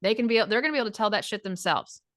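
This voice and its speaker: A woman's voice: medium pitch, racing, a bit bright, dry recording, clean studio sound. Blunt, frank woman coach. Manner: blunt and frank, acts out quoted dialogue, swears freely. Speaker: divorce recovery coach. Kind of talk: direct coaching talk.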